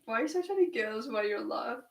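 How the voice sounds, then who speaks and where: A woman's voice: on the high side, expressive, very fast, gravelly. A woman joining in the banter, teasing the hosts and laughing. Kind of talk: casual banter.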